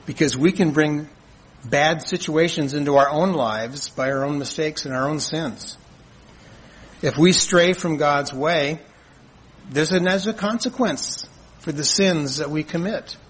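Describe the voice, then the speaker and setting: Male pastor, husky and slightly high voice, earnest measured sermon delivery. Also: low-quality recording. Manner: earnest, measured preaching with rhetorical questions.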